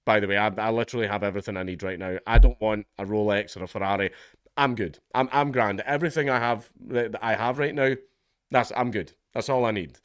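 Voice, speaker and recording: A man's voice: on the low side, quick pace, clear, resonant tone, no room sound, clean studio sound. A Scottish man giving casual vlog commentary in a sardonic tone, laughing often as he talks. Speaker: political commentator.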